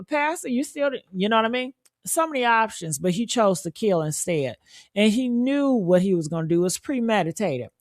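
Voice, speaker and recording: A woman hosting a live stream, giving true crime commentary in a loud, profane, emphatic way, repeating lines for effect and urging viewers to like the video. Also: fairly high pitch, no echo, studio quality. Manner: coaxing viewers for likes.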